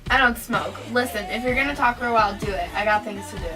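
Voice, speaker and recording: A woman's voice: fairly high pitch, quick pace, lightly acted. A young woman playing a blunt, impatient call girl, speaking in short, curt, streetwise lines. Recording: distant mic with music underneath.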